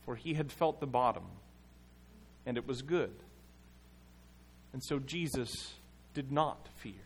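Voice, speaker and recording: A man preaching a sermon as pastor, in a measured, emphatic way with dramatic pauses. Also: medium pitch, slight background noise.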